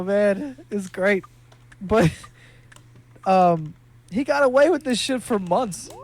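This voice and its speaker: A young man from New York City chatting casually while he plays a game, telling stories with lots of swearing and laughter. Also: high-pitched. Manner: profane, laughing, animated storytelling. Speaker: gaming streamer.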